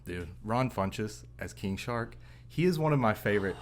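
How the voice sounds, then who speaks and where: A man co-hosting a podcast in casual chat, excitable and swearing freely. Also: fairly low pitch, moderate pace. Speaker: podcast co-host.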